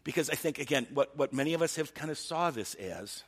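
A man's voice: a little high, animated, brisk, husky, big-room sound. A man preaching a sermon as pastor, earnest and thinking aloud, often restarting his sentences.

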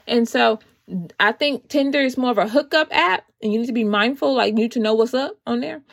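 Chatty woman with a higher voice. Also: a little fast, gravelly. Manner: chatty, animated, addresses viewers as y'all and ladies. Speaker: vlogger giving Christian dating advice. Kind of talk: casual storytelling to viewers.

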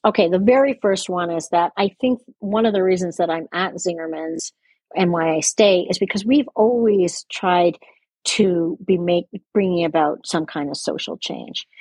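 Older woman, faint Canadian accent, breathy edge, dry recording; thoughtful, meandering interview guest. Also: fairly low pitch, normal speed, darkish tone, no room sound. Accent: light Canadian. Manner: rambling, self-correcting, laughs at herself. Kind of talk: reflective interview talk.

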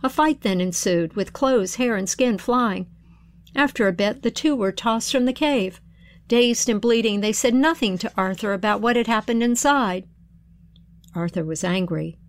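A woman's voice: mid-range voice, dry recording. Woman narrating an old folk tale. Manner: measured, expressive reading of a folk tale. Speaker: storyteller. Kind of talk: scripted storytelling narration.

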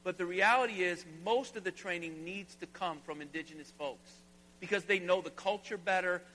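A middle-aged pastor from Alabama preaching a sermon in a large church, folksy and conversational, rising to emphatic preaching. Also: male voice, high-pitched, moderate pace, sharp tone, slight background noise. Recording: long hall reverb.

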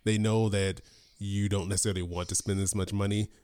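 A man's voice: lowish voice, flat delivery, fairly quick, a little mellow, clear, resonant tone, no room sound. A man co-hosting a casual livestream chat. He is chatty and laughs often. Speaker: co-host.

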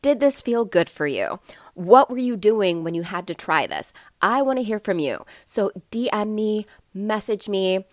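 A woman in her thirties hosting a motivational podcast, with a stuffy, slightly raspy voice and an encouraging way of talking straight to her listeners. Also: mid-range voice, expressive, unhurried, dry recording, studio quality. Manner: warm encouraging, addresses listeners directly. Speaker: podcast host.

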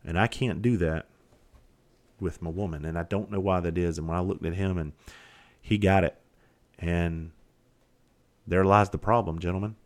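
A man's voice: low voice, steady tone, moderate pace, pauses often. A middle-aged man hosting a podcast, talking candidly and profanely as he tells stories from his firefighting life. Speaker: podcast host, former firefighter. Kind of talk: casual podcast monologue.

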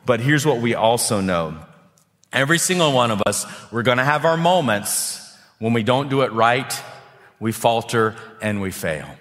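Animated preacher in an echoing hall. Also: male voice, mid-range voice, moderate pace. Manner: animated preaching, repeats words while building points. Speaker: pastor. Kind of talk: sermon.

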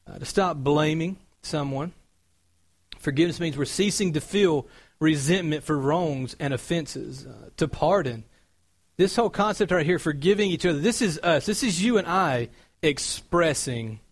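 A man preaching a sermon in a conversational, storytelling way, growing animated as he recounts events. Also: a little high.

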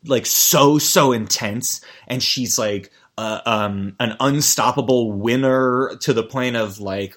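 A man's voice: mid-range voice, a bit bright. A man hosting a podcast and giving casual, comedic commentary that rambles, swears and keeps interrupting itself. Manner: rambling, profane, self-interrupting.

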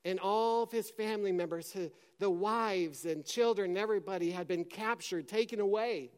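A man preaching a sermon with passion, dropping to a hush and then rising to a shout as he acts out scripture scenes. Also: sits high, normal speed, clear, resonant tone. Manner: impassioned, swings from hushed to shouting; acts out scripture dialogue in character.

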